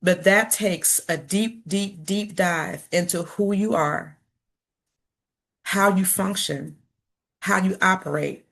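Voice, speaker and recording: A woman who stutters, speaking earnestly. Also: fairly low pitch. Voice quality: stutters, with sound and word repetitions. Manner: reflective, earnest, sometimes slow and deliberate. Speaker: school principal and speaker. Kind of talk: motivational talk.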